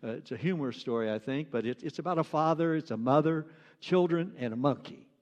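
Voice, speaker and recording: A man's voice: fairly high pitch, fairly quick, a little mellow, big-room sound, lo-fi sound. A man preaching a sermon as pastor, earnest and repeating phrases for emphasis.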